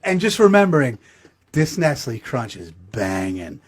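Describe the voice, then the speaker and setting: A man's voice: mid-range voice, sing-song, a little slow. A middle-aged man telling a crude, self-mocking comedic story as the show's host.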